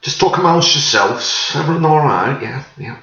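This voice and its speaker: A man's voice: medium pitch, animated, moderate pace, pushed and bright, reverberant, recorded from a distance, dull audio. A man hosting a pub quiz in a loose, chatty way, wandering off track and correcting himself as he goes. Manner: chatty, meandering, self-correcting. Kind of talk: casual rambling quiz hosting.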